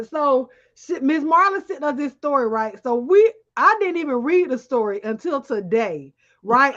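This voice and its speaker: A woman co-hosting a casual news chat show, animated, laughing often and talking straight to her viewers. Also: sits high, lo-fi sound.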